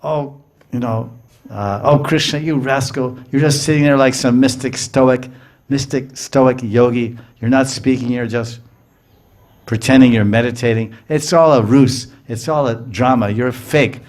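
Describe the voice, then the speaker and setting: A man's voice: mid-range voice, fairly even intonation, a little slow, a little mellow, close to an everyday voice. A man voicing a group of indignant young cowherd women who tease and scold their beloved for pretending. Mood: mocking scold. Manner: mocking, scolding.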